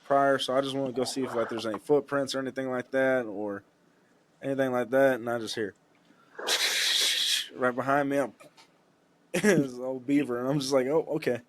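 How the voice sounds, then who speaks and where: A male podcast host with an ordinary mid-pitched voice, talking in a relaxed, easygoing way. He laughs his way through a funny story of his own. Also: normal speed, long pauses, a little hiss or hum. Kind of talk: casual chat.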